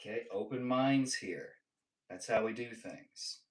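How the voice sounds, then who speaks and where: A man's voice: medium pitch, unhurried, poor audio. A young man live-streaming, casually joking and teasing as he reads and answers his chat.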